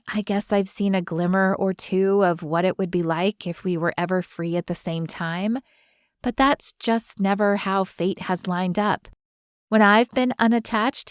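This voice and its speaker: A woman's voice: mid-range voice, no echo, studio quality, close to an everyday voice. A woman narrator voicing a candid young woman who teases her friends and speaks openly. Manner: candid, teasing, easily alarmed.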